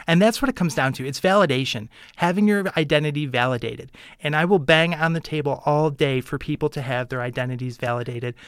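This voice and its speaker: A woman's voice: low voice, a little fast, hardly any pauses, clear, resonant tone, dry recording, clean studio sound. A woman co-hosting a talk show, speaking in an earnest, emphatic way. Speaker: co-host. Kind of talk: casual talk-show chat.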